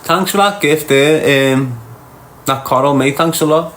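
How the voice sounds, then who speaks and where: A man's voice: on the high side, a little slow, fairly bright tone. Blunt Scouse man lecturing in an echoey room. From Liverpool, England. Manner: blunt, preachy, lectures viewers directly. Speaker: podcast host. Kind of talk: live-stream monologue to viewers.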